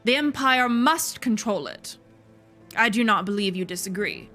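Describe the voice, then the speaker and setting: A woman reading a scheming, persuasive nobleman's lines in a measured, deliberate way, in a slightly lowered voice. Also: expressive, pushed and bright, faint music behind.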